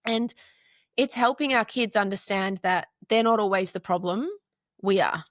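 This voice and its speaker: A woman's voice: medium pitch, normal speed, no room sound, studio quality. A woman in her forties, a podcast guest and counselor, talking earnestly in casual interview chat and stringing her points into long lists of short phrases.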